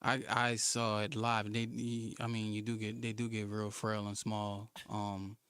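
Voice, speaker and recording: A man co-hosting a radio talk show, chatting casually and talking in a halting, hesitant way. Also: on the low side, monotone, fairly bright tone, clear, resonant tone, no room sound, studio quality. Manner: hesitant, halting speech with fillers. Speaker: radio co-host.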